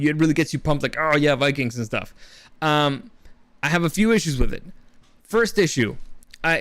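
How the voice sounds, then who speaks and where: A young man rambles enthusiastically through a casual spoken film review, often restarting his sentences. His voice is a little high, a bit bright and smooth, recorded dry.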